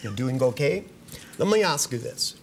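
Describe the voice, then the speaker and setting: An older man, a hypnotist, running a live hypnosis demonstration at a seminar, joking and teasing between slow, soft trance suggestions. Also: medium pitch, very animated, slight background noise. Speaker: hypnotist leading a training seminar. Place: seminar room with participants.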